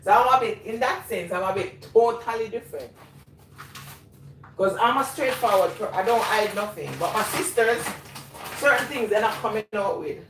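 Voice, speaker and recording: A woman's voice: medium pitch, normal speed, fairly bright tone, slight background noise. A woman with a Jamaican accent telling casual, rambling stories and laughing often. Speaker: vlogger. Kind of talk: casual storytelling. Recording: echoey room, voice from a distance.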